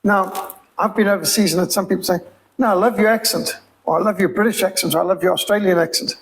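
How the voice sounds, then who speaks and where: A man's voice: high voice, steady tone, fast, gravelly, rough recording. A man with a Rhodesian accent giving an emphatic, preacherly sermon-style appeal as a missionary speaker. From Zimbabwe.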